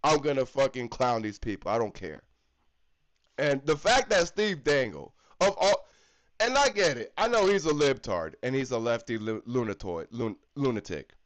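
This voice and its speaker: A man's voice: mid-range voice, very animated, moderate pace, rough recording. A man from the United States giving a heated, profane hockey fan rant that is full of swearing and repetition. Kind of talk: profane ranting commentary.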